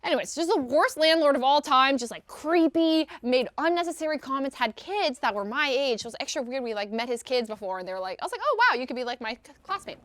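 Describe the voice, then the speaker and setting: High voice lady telling a story on a podcast, close dry mic, acts out the quotes. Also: fast talker, hardly any pauses, dry recording. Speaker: guest. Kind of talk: casual podcast chat.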